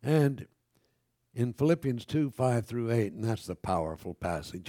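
Older man preaching with lively pitch. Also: a little slow, dry recording, clean studio sound. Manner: lively preaching, reads scripture aloud, frequent self-corrections; conversational asides to the congregation. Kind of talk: sermon.

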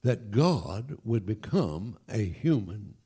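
A man preaching a sermon to his congregation, emphatic and animated, with folksy asides. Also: on the low side, slow pace, husky. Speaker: pastor. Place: church.

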